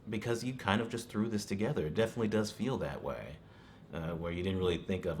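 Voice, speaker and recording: A man talks through a movie review in a loose, rambling way, dropping "you know" and small chuckles as he goes. His voice is very low. A faint hiss runs underneath. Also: fast. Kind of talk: casual spoken review.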